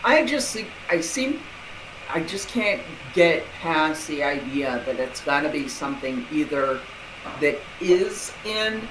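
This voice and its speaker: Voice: medium pitch, sing-song, slow, roomy sound, noisy background. A guest in a casual conversation, speaking thoughtfully and searching for words over a remote call.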